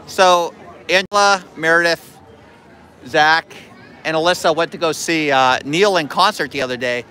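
A hoarse man co-hosts a casual livestream outdoors, joking with viewers and his fellow host. His voice sits high for a man, and a busy crowd is clearly heard around the phone mic. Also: pushed and bright. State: hoarse from yelling. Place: outdoors at a theme park.

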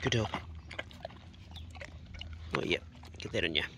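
A man's voice: low voice, expressive, unhurried, background noise. A man with a New Zealand accent chatting casually outdoors for his homesteading vlog and talking fondly to his dog. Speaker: homesteading vlogger. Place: outdoors on a beach.

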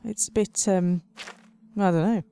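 A woman's voice: medium pitch, fairly even intonation, a little slow, dark tone, a little hiss or hum. A woman hosting a let's play, commenting on the game in a playful mock-dramatic way and laughing often. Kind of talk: gameplay commentary.

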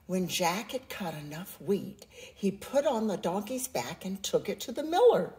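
A woman reading a children's picture book aloud in a slow, expressive storytelling manner. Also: medium pitch. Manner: slow, expressive, sing-song.

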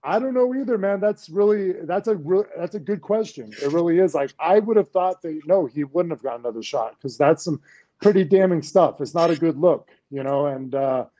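A man's voice: fairly high pitch, lively intonation, moderate pace, mellow. A man wrestler chatting loosely about what he saw and heard. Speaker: wrestler guest. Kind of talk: casual interview talk.

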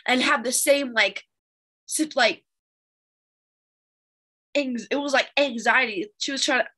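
A woman leading a morning Bible study, telling a story in an animated, emphatic sermon style and speaking straight to her listeners. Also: high-pitched, normal speed, pauses often. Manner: animated, emphatic, addresses audience directly.

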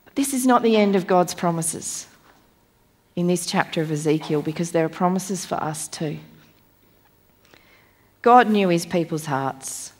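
Woman preaching a measured sermon. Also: on the low side, darkish tone. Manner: measured, emphatic reading with slowed key phrases. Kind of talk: sermon with scripture reading. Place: church.

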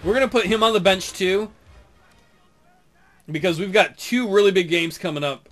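A man's voice: high-pitched, moderate pace, long pauses, fairly bright tone, faint music behind. A man giving casual, jokey commentary over a football video game, often laughing.

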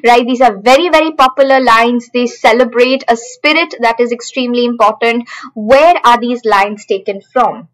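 A woman's voice: on the high side, moderate pace, fairly bright tone, low-quality recording. A woman teaching a live online exam-prep class, repeating key points and calling out students by name.

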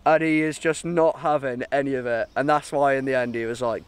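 A man's voice: mid-range voice, steady tone, fairly quick, clear, resonant tone. A man talking casually to camera outdoors, by a river and in woods, chatty and laughing often at himself. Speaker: outdoor vlogger.

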